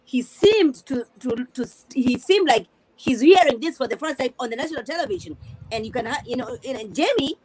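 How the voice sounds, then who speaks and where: Earnest high-voiced woman. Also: lively intonation, brisk, a little mellow, slightly rough, no room sound, rough recording. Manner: earnest, repeats words while searching for them. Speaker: review panelist. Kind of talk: casual panel discussion.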